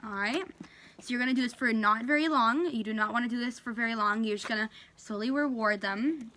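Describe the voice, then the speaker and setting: Indoors at home, a woman with a slightly high, brisk, sharp voice casually shows how to train a dog. She explains each step in a chatty way and talks to her dog in between.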